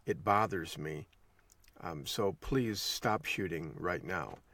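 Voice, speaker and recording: A man's voice: deep voice, slow pace, no room sound, far from the mic, full character voice. A man quoting a meek little old lady. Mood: calm, insistent. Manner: polite and calmly insistent.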